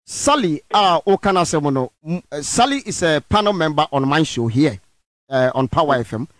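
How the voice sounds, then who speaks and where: A man with a Ghanaian English accent hosting a radio show, asking questions haltingly with many fillers and switching languages. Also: fairly high pitch, big pitch swings, no echo. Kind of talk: radio interview.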